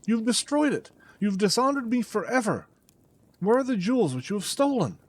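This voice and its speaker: A man's voice: fairly high pitch, big pitch swings, fairly quick. A man voicing an older male banker, a distraught father angrily accusing his son. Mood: furious. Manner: angry, shouting accusations. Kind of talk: audiobook character reading.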